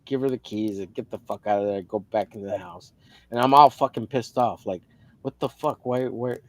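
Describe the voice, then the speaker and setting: A man's voice: on the low side, fairly quick, dry recording. A man in casual livestream chat, telling a long story in a rambling, profane way with many restarts. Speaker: co-host of a drawing livestream.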